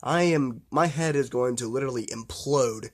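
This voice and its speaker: A man's voice: mid-range voice, normal speed. A man talking casually and enthusiastically about horror films, rambling with lots of fillers and restarts, and swearing bluntly. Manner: blunt and profane. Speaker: horror film vlogger. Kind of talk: casual unscripted film talk.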